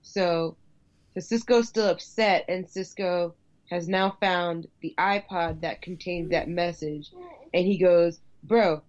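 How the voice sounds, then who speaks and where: A woman's voice: fairly low pitch, fairly even intonation, slow. A woman in casual chat about a TV episode, blunt and swearing, often chiming in with short agreements. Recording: dull lo-fi mic.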